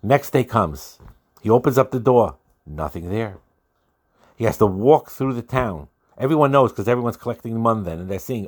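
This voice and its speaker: A man's voice: medium pitch, lively intonation, normal speed. A man teaching a religious class on marriage, talking earnestly and repeating himself, with Hebrew and Yiddish terms mixed into his English. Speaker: Torah teacher.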